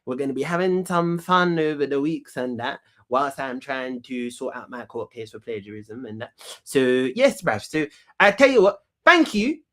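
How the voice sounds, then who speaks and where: A man's voice: mid-range voice, expressive, moderate pace, a bit bright. A man hosting a comedy talk show, rambling cockily and repeating himself. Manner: cocky, rambling, slang-heavy, repeats himself. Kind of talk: comic talk show monologue.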